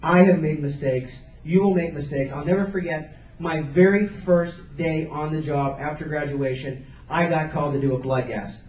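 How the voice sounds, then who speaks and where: High-voiced man giving a motivational speech. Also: moderate pace, hardly any pauses, a little mellow. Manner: earnest, emphatic, repeats phrases for stress. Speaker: motivational speaker. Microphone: camcorder from the audience. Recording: roomy, distant, dull camcorder sound.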